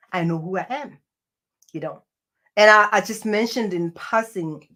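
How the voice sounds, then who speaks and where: A woman speaking as a spiritual coach in an earnest self-help talk, often restarting and repeating her phrases as she goes. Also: lowish voice.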